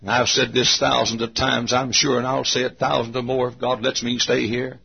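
A man preaching a sermon in a church, folksy, swinging from low asides to shouts. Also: little pitch movement, normal speed, gravelly, breathy edge. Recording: muffled lo-fi recording.

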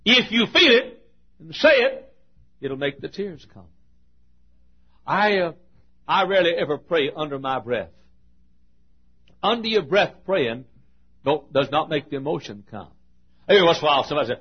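A middle-aged man preaching a sermon, his voice dropping to a hush and then rising to loud, shouted exhortation. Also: fairly high pitch, animated, moderate pace, long pauses, breathy edge, highs cut off.

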